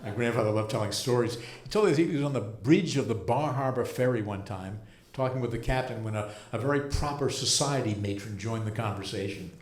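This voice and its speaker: A man in his seventies performing a stand-up comedy set as a rabbi comedian, with a dry, deadpan delivery and pauses before the punchlines. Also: medium pitch, slight background noise. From United States. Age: 70s. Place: comedy club stage. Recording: roomy live club sound.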